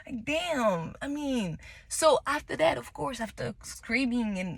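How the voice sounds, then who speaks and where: In a casual monologue, a woman who reads tarot candidly shares a personal story, getting emotional, laughing, and restarting often. Her voice sits on the high side, expressive and sharp-toned, at a measured pace with no echo.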